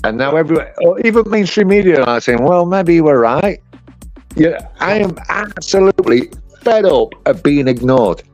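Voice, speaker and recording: A man with a northern English accent hosting a livestream, speaking earnestly in halting, repeated phrases. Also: fairly high pitch, expressive, darkish tone, soft background music. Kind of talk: casual livestream commentary.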